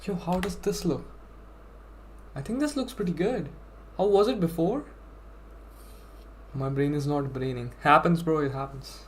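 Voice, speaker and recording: A man's voice: fairly high pitch, a little slow, long pauses, slight background noise. A young man live-streaming a game from his home setup, chatting casually and rambling to his viewers with lots of "bro" and "like". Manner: chatty, rambling, self-deprecating, says "bro" and "like".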